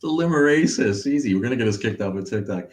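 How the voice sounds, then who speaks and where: A man's voice: fairly low pitch, very fast, warm tone. A man hosting a casual livestream, rambling, laughing often and greeting the chat. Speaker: livestream host.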